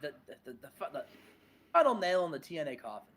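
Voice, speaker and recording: Quick, lively young male co-host. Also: on the high side, a crowd in the background. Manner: quick wry interjections. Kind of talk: casual chat.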